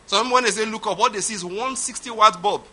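Bright high-voiced preacher. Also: male voice, fast. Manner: emphatic, repetitive, laughs at his own points. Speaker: pastor. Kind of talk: sermon.

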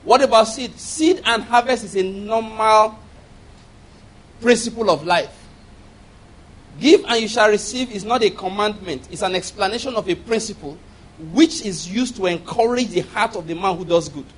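High-pitched man preaching emphatically. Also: normal speed, breathy edge. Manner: emphatic, rhetorical call-and-response questions; repeats key phrases for emphasis. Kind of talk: sermon.

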